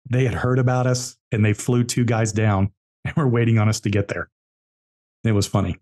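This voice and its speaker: A man with a somewhat low voice tells business stories on a podcast. He talks bluntly and drives his points home by repeating words. He speaks as an entrepreneur guest. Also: steady tone, normal speed, a little mellow. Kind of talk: podcast interview storytelling.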